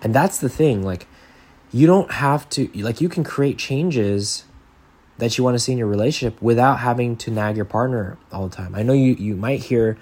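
A man hosts a podcast, speaking at medium pitch and normal speed with a slightly mellow voice. His casual monologue is earnest and rambling, full of restarts and frequent "like"s.

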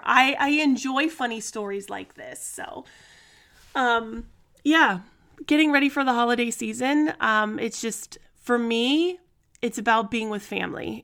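A woman's voice: on the high side, fairly bright tone. Chatty, laughing woman podcast host. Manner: chatty, laughing often, many fillers. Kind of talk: casual solo podcast storytelling.

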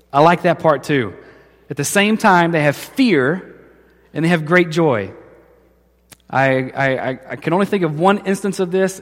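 Preaching man in a reverberant hall. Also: a little high. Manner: storytelling, acts out voices in quotes. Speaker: pastor. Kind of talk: sermon.

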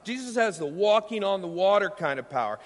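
A man delivers a sermon in a notably high voice, teaching earnestly and slowing on the lines he wants to land. His words ring out with a long reverb tail, as if spoken in a large hall. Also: animated. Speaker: pastor.

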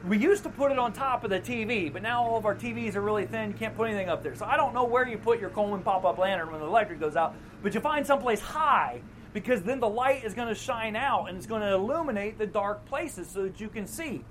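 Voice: mid-range voice, animated, fast talker, a little hiss or hum, poor audio. Conversational pastor preaching an evening sermon. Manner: conversational, acts out quoted voices with laughs.

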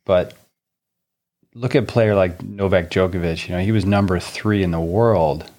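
A man with a very deep voice speaks as co-host of a casual podcast. He is a tennis coach who backs up his partner and adds his own points. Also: darkish tone. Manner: agreeable, quick to back up his co-host.

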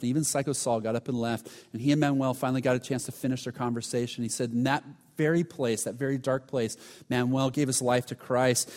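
A man preaching a sermon, telling a story with frequent restarts and sudden drops to a hush for the dramatic moments. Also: medium pitch. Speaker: pastor. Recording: long hall reverb.

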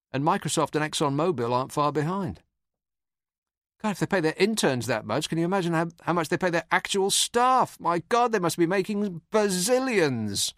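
A man's voice: fairly high pitch, a bit bright, no echo. Dry sardonic man. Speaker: podcast host. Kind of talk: scripted comic monologue.

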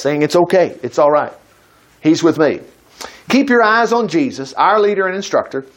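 A man with a voice on the high side preaches a conversational sermon, reading scripture aloud and acting out the quoted voices. His delivery has sudden loud peaks and soft drops.

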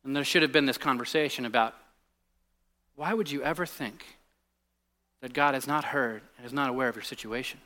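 A man in his forties giving a conversational sermon as a pastor, telling stories with lots of restarts and sinking to a hushed voice on serious points. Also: mid-range voice, a little fast, pauses often. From United States. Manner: animated storytelling, drops to a hushed voice on serious points, many restarts.

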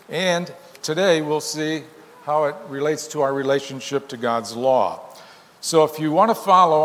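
A man with a slightly raised voice preaches and explains scripture, reading passages aloud with animated emphasis. His voice rings out with a long reverb, as in a church hall. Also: a little high. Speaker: pastor. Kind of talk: sermon.

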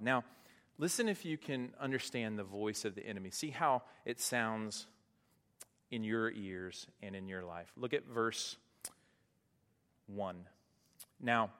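Guy giving a sermon, chatty with ums, gets loud and emphatic, long hall echo. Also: mid-range voice. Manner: conversational preaching with fillers, rising to emphatic peaks. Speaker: pastor.

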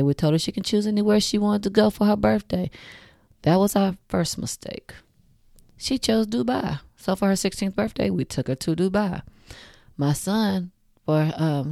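A woman's voice: on the low side, gravelly, mellow, dry recording, clean studio sound. A woman in her forties hosting a show, talking frankly and casually to her listeners, swearing freely and laughing at her own jokes. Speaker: podcast host.

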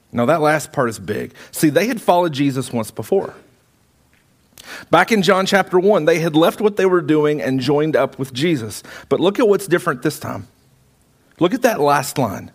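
A man preaching with a fairly high voice, building his points through vivid repetition. He tells the story emphatically and draws listeners into the scene. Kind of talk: sermon.

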